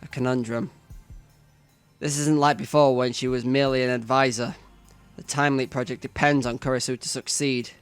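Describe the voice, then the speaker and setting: A man's voice: mid-range voice, steady tone, normal speed, smooth, no room sound, faint music behind. A man playing through a visual novel, reading the narration aloud in first person with asides to the viewer. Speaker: let's player.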